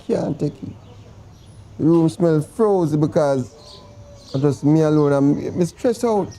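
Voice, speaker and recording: An actor with a Jamaican accent playing a remorseful boyfriend who pleads dramatically to be taken back. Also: male voice, fairly high pitch, measured pace, warm tone, slight background noise. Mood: pleading. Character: pleading remorseful boyfriend begging to come home. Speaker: actor in comedy sketch. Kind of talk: comedy sketch acting, phone call.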